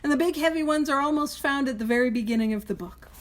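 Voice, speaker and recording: A woman with a fairly high voice leads a recovery study group in a casual, animated way. She laughs at her own slips and goes slow and soft when she recites prayers. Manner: animated, laughs at herself, speaks prayers slowly and softly. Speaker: Big Book study leader.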